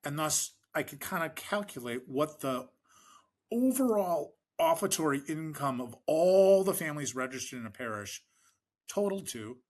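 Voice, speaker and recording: A man's voice: on the high side, lively intonation, normal speed, darkish tone. A middle-aged American man, a fundraising expert and interview guest, telling long anecdotes with frequent fillers and restarts and acting out the people he quotes. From United States. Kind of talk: conversational storytelling in a podcast interview.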